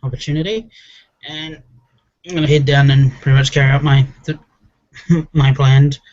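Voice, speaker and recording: A man playing a tabletop game, talking in a measured, drily amused way. The recording is muffled and lo-fi. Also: medium pitch, fairly even intonation, darkish tone. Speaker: player.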